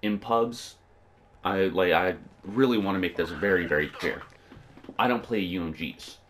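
A man's voice: deep voice, moderate pace, a bit bright, slight background noise. A young man with a cold and a congested nose, giving casual, rambling gameplay commentary with frequent swearing. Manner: profane, irritated, rambling. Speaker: gaming video creator.

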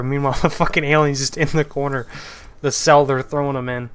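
A man streaming a horror game, giving loose, profane commentary with sudden shouted outbursts. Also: mid-range voice, level tone, a little fast, clear, resonant tone. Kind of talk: live gameplay commentary.

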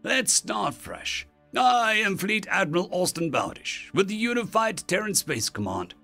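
A man playing a ruthless human fleet admiral who speaks with cold menace and raises his voice to shouting. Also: high voice, sing-song, unhurried, gravelly, faint music behind, voice pushed up, exaggerated voice.

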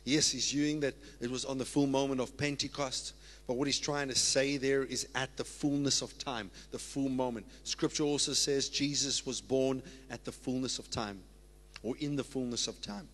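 A man preaching a sermon as pastor, moving from steady scripture reading to whoops and laughter. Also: medium pitch, normal speed. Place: church sanctuary. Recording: long church-hall reverb.

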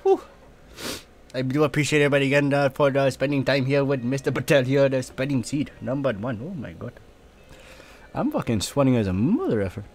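A man's voice: medium pitch, animated, fairly quick. A man on a live stream, coughing, sniffling and drooling as he talks casually, cursing freely and wincing in pain.

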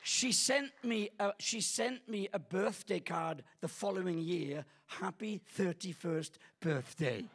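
A man's voice: high-pitched, animated, a little slow, creaky, hardly any pauses, fairly bright tone, some chatter behind. A man in his sixties, a guest pastor preaching a sermon in a church auditorium on a stage microphone, telling stories with humor and self-deprecating jokes. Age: 60s.

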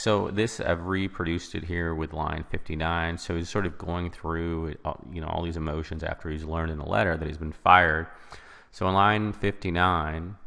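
A man's voice: sits low, vocal fry, fairly bright tone, in a large hall. A man teaching a recorded test-prep lesson, explaining each answer choice in turn and restarting his sentences as he goes.

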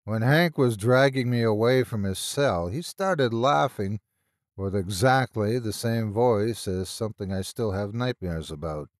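A man reading a first-person horror story in a measured, storytelling voice on a close studio mic. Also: lowish voice, dry recording.

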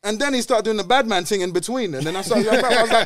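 A young man telling a story in a casual podcast chat, animated and slangy, acting out dialogue. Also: sits high, very fast. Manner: animated, slangy, says "bruv" constantly, acts out dialogue. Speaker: podcast guest.

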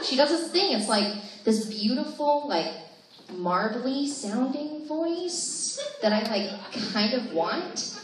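A woman's voice: a little high, expressive, a little slow. Chatty young woman doing stand-up. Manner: chatty, self-deprecating, lots of fillers. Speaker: stand-up comedian. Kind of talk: stand-up comedy set. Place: live comedy show in a room. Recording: echoey room, distant mic, faint noise.

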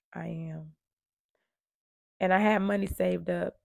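A woman's voice: lowish voice, lively intonation, slow, creaky, pauses often, no room sound, clean studio sound. A woman in her thirties earnestly telling her own life story to camera in a conversational way. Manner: earnest, conversational, shifting from hushed to emphatic.

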